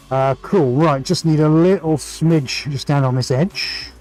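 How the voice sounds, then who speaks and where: A man's voice: a little high, slow, darkish tone, soft background music, rough recording. A man hosting a live painting stream, chatting energetically and greeting viewers by name. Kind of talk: casual live-stream chat while painting.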